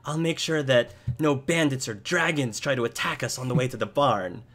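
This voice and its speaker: A man voicing an excitable five-year-old farm boy who asks eager questions in a tabletop game. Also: medium pitch, moderate pace, crowd noise, voice pushed up, natural voice. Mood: excited.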